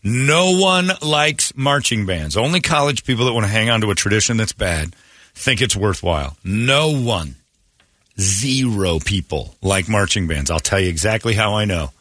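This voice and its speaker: A man's voice: lowish voice, lively intonation, moderate pace, a bit bright, dry recording, clean studio sound. A man hosting a morning radio show, ranting with sarcastic, opinionated jabs. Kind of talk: casual morning radio rant.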